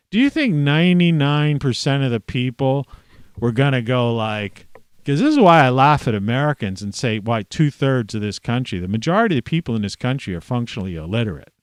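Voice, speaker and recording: A man's voice: medium pitch, clear, resonant tone, no echo, clean studio sound. A middle-aged man ranting in a rambling, profane monologue, restarting his sentences and swearing often. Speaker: video blogger.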